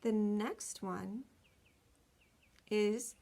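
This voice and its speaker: A woman with a somewhat high voice teaching young children in a recorded lesson. She sounds out each word slowly and clearly and gives simple step-by-step directions. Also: animated, a bit bright. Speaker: kindergarten teacher. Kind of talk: recorded remote phonics lesson.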